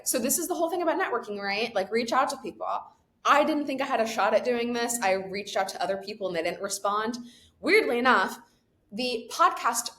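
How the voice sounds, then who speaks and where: A young woman guesting on a podcast, chatting in a bubbly, quick way, laughing often and saying "like" a lot. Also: a bit bright. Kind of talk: casual chat. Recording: echoey room with faint rumble.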